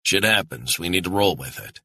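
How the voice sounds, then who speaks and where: Man doing a gruff handler on the line, low husky voice, brusque, swears freely. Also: animated, moderate pace, bright, forceful tone, no echo, heavily acted. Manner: clipped, brusque orders. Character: blunt male handler on the phone, curt and profane.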